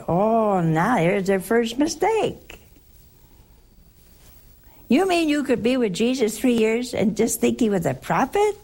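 A woman's voice: on the high side, sing-song, takes it slowly, pauses often, darkish tone. A woman giving a conversational sermon as a Bible teacher, teasing her listeners with rhetorical questions.

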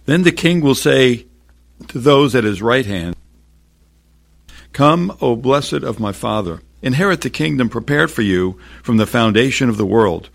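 Male scripture reader, mid-pitched, gravelly, measured and solemn. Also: animated. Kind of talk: reading scripture aloud.

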